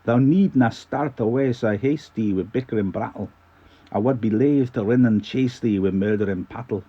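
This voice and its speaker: A man reading a poem aloud in a put-on Scottish accent, voicing a gently apologetic farmer poet in slow, lilting recitation. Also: medium pitch, lo-fi sound, close to an everyday voice. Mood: reciting.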